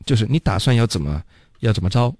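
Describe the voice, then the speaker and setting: Lively, low-voiced male language teacher. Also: quick pace, no echo, studio quality. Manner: acts out example lines in English between explanations. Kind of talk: bilingual phrase lesson.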